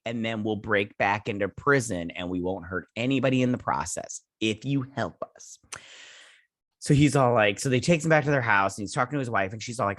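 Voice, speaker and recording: A man's voice: mid-range voice, fairly bright tone, no echo, studio quality. A man casually recapping and reviewing a TV episode, rambling through scenes with quoted lines and lots of fillers. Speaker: host.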